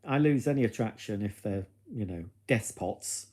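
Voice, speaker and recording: Reading viewer comments on a casual home livestream, a man talks in a mellow, lowish voice with lively intonation and a moderate pace. He is chatty and gossipy with his live audience, camp and cheeky with plenty of innuendo, often musing out loud.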